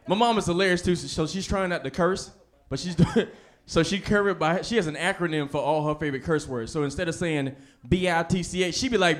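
A young man performing a stand-up comedy set, telling stories in an animated way. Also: on the high side, fairly quick, crowd noise, background noise. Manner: animated storytelling, laughs between lines.

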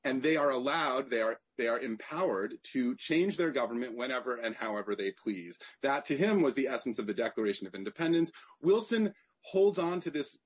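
Male author guest, husky voice, animated storyteller who restarts his phrases. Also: medium pitch, brisk. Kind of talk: conversational interview.

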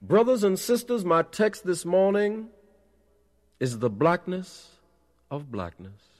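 A man voicing a fiery male preacher who shouts his sermon in a high, booming preaching cadence. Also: lively intonation, slow pace, long reverb tail. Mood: fervent.

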